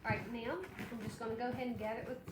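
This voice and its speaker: Speaking fast in a somewhat high voice with little pitch movement, a craft livestream host thanks viewers by name as she demonstrates. She's a bit tired and has allergies. Her room is echoey, with faint background noise.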